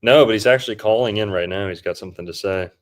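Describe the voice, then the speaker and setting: A man with a low voice hosting a podcast in loose, casual chat. He jokes and mocks, often sliding into impressions. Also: quick pace. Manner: joking, mocking, riffs in impressions. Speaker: podcast host.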